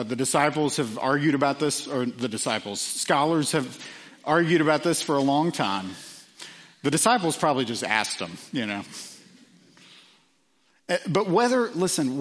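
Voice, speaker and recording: A man preaching a sermon earnestly, with frequent fillers and quiet drops for emphasis. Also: mid-range voice, in a large hall. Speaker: pastor.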